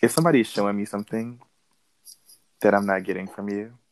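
A man's voice: on the low side, fast, rough recording. A man in his thirties, a little drunk, talking casually with many restarts and laughs. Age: 30s. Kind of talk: casual chat.

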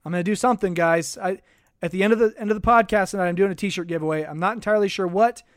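High-voiced chatty sports podcast host. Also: male voice, racing, no room sound, studio quality. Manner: rambling, chatty, thanks viewers. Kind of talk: casual sports podcast livestream. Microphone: desk microphone.

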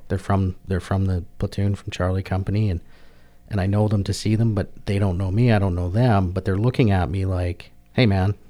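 A middle-aged man, a military veteran telling a personal story in an interview, halting and plain-spoken, often repeating and restarting words. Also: low voice, fairly even intonation, dark tone. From Canada.

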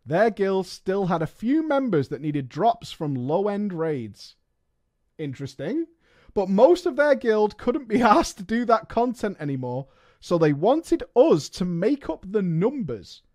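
A man streaming, reading a story aloud and breaking off with quick, joking reactions. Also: sits high. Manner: animated, swears and laughs often, reads in quick asides.

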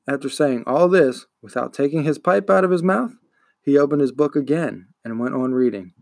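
A man, a podcast host, reading a children's book aloud in an expressive storytelling manner. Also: medium pitch, moderate pace, vocal fry, no room sound, studio quality. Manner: expressive, acts out the characters.

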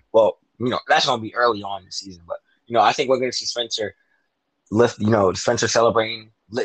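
In a low-quality clip, a man with a lowish, a bit bright voice chats about a TV show he's into, rambling through predictions of the plot. His speech is slangy and loose, with self-corrections and acted-out versions of lines he imagines.

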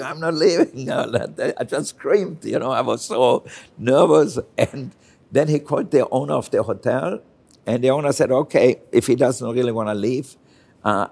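An older man from Austria speaks as a guest chef in an interview. His voice has a gravelly, slightly husky grain. He tells candid anecdotes and briefly takes on the voices of the people in them. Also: on the low side, darkish tone. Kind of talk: storytelling interview.

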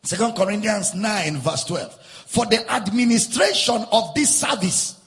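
Emphatic, gravelly-voiced preacher in a hall. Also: male voice, high voice, animated, unhurried, a bit bright. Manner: emphatic preaching with repetition and sing-song stresses. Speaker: pastor. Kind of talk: sermon.

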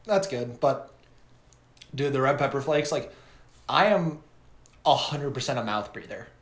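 A man's voice: medium pitch, measured pace. Chatty man in an echoey room. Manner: rambling, lively storytelling with fillers. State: coughing from pepper flakes. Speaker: podcast co-host. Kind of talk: casual chat.

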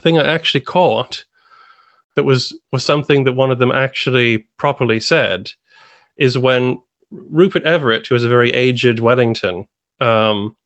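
Animated man chatting, dry sound. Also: mid-range voice, normal speed, no echo, dull audio. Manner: animated, laughs while talking. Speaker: podcast panelist. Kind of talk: casual chat.

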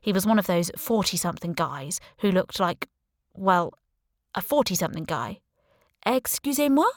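A woman's voice: fairly low pitch, moderate pace, no echo, studio quality. A woman narrating a first-person audiobook in a wry, breezy storytelling manner.

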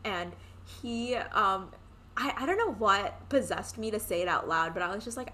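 A woman's voice: medium pitch, normal speed, bright, forceful tone, slight background noise. A young woman co-hosting a podcast, telling stories casually, acting out quotes and laughing often. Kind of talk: casual chat.

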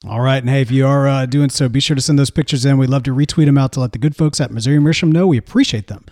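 A man co-hosting a podcast in casual chat, upbeat and animated. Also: medium pitch, rapid-fire. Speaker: podcast co-host.

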